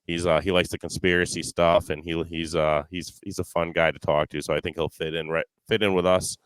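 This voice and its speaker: A man's voice: deep voice, little pitch movement, a little fast, fairly bright tone, clear, resonant tone, dry recording. A man hosting a casual podcast, telling stories in a rambling way with lots of fillers and restarts. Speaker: podcast host.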